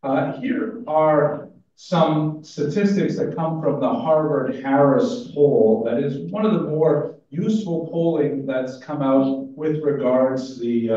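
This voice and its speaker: A man gives a conference talk in a relaxed, chatty way, stopping and restarting his sentences. His voice is mellow and dark. He sounds far from the mic, in a big echoing hall, with a dull sound. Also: medium pitch. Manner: casual, self-interrupting, with fillers. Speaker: conference speaker. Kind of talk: academic lecture with humor.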